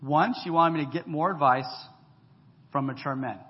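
Guy pastor preaching casual and funny, kinda high voice, echoey church hall, dull sound. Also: normal speed. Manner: lively, joking, talks straight to the congregation. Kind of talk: conversational sermon.

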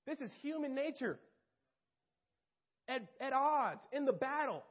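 A young man preaching in a casual, animated way, speaking straight to his listeners. His voice sits high for a man. The recording is dull and lo-fi. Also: measured pace. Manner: animated, talks straight to listeners, acts out quotes. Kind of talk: informal sermon.

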